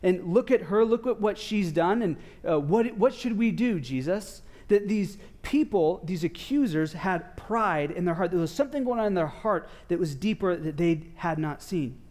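A man's voice: high voice, moderate pace, few pauses. A man in his thirties, a father and pastor, preaching a conversational sermon and telling family stories with asides to the congregation. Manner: conversational, animated storytelling with asides to parents.

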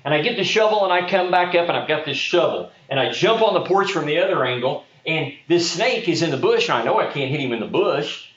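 A man preaching a sermon, telling a lively story with quick, animated delivery and a casual manner. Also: a little high. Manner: animated storyteller, speeds up in action. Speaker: pastor. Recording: roomy, slightly dull sound.

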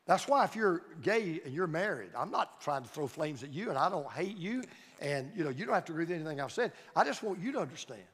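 High-voiced male pastor preaching in a reverberant hall. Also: sing-song, fast, a bit bright, breathy edge. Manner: emphatic preaching with repeated phrases. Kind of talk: sermon. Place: church sanctuary.

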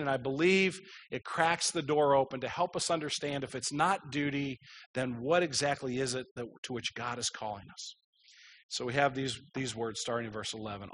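A man with a mid-range, fairly bright voice preaches a sermon, reading scripture aloud and explaining it as his voice rises for emphasis.

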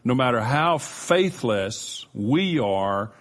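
Male pastor, sermon, slow deliberate delivery, earnest and emphatic. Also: medium pitch. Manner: earnest, emphatic with measured pauses.

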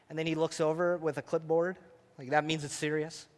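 A man in his thirties preaching a sermon as pastor, telling lively stories and dropping to a soft, tender voice when acting out prayers. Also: on the high side, fairly quick. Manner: animated storytelling, drops to soft intimate tone for quoted prayers. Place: church hall. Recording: long reverb of a large hall.

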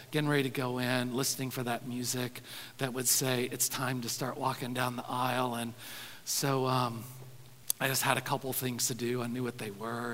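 A man preaching a sermon, telling stories in a folksy way, sometimes quiet and sometimes animated. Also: mid-range voice. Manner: folksy, says y'all, soft-spoken then animated. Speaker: pastor. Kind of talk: sermon storytelling. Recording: long hall reverb.

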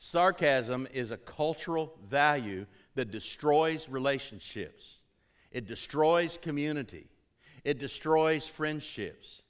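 A man preaching a sermon to his congregation, emphatic, rising to urgent peaks and dropping low, calling out for responses. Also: expressive, slow, clean tone. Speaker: pastor.

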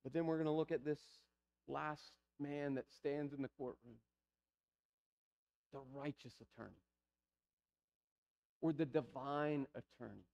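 High-voiced preacher man, pleading. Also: fairly even intonation, measured pace, creaky, pauses often, a little mellow, highs cut off. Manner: pleading, building to emphatic repetition. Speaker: pastor. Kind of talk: sermon. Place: church sanctuary.

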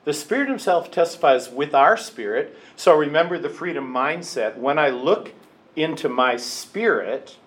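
An older man teaching a Bible class in a lively storytelling way, acting out voices in his quotes. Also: fairly high pitch, measured pace, low-quality recording.

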